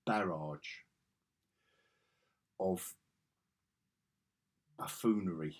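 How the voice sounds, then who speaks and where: A man's voice: low-pitched, drawn-out words. A man giving a casual video review, ranting sarcastically and exasperatedly, with frequent restarts. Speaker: film reviewer.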